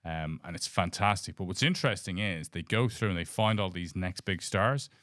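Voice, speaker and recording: A man in his late forties co-hosting a podcast, telling meandering anecdotes with halting restarts. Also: low-pitched, fairly bright tone, no echo, clean studio sound. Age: late 40s. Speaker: podcast co-host. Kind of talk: casual storytelling chat.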